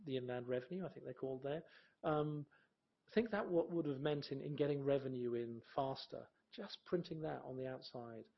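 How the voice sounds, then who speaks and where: A man's voice: mid-range voice, gravelly, lo-fi sound. A man giving a presentation talk in a conversational way, with fillers and restarts.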